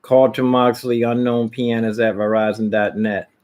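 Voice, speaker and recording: A man's voice: mid-range voice, flat delivery, moderate pace, a little mellow, muffled recording. A man casually vlogging at home, rambling and jumping between topics with many restarts.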